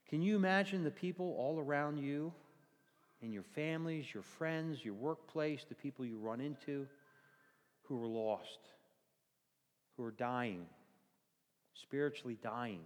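A man preaching a sermon as pastor, telling folksy stories in an animated way in a church. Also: on the high side, measured pace, long pauses, long reverb tail.

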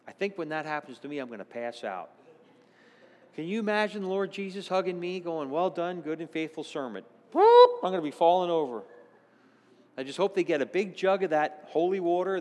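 A man preaching a sermon, earnest, moving between hushed tones and excited exclamations. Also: on the high side, in a large hall.

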